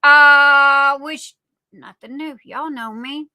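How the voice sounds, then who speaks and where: A high-pitched woman with a Southern accent, talking slowly and brightly as she hosts a livestream. She rambles in a chatty way and calls her viewers darling. The sound is dry and close, with no room around it. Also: fairly even intonation, no room sound. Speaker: livestream host. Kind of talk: casual livestream chat.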